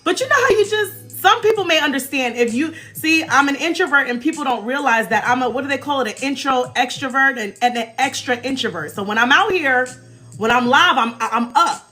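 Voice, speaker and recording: A woman's voice: sits high, fairly quick, faint music behind. A woman hosting a live stream in casual, bubbly chat. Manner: bubbly, laughs often, animated.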